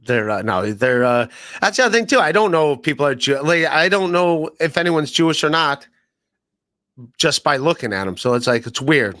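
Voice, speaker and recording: A man's voice: on the high side, expressive, normal speed, bright, forceful tone, dry recording, clean studio sound. A man hosting a podcast, chatting casually and joking around with rambling asides and lots of fillers. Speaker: podcast host. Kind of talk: casual comedic chat.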